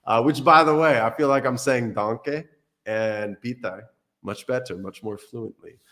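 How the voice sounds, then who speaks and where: A man's voice: mid-range voice, unhurried, pushed and bright. A man hosting a casual livestream, rambling and joking between tech tips, swearing casually. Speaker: crypto livestream host. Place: Portugal.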